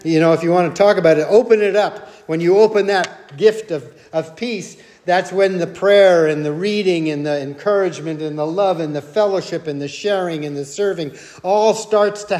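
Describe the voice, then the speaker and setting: Older male preacher, slightly high voice, earnest, leans on repetition and anecdotes. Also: darkish tone. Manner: earnest, repetitive, with storytelling asides. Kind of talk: sermon.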